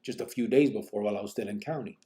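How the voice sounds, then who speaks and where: A man's voice: fairly low pitch, very fast, dark tone. A man telling his own story on a podcast in casual street slang, rambling with many fillers and acting out other people's lines.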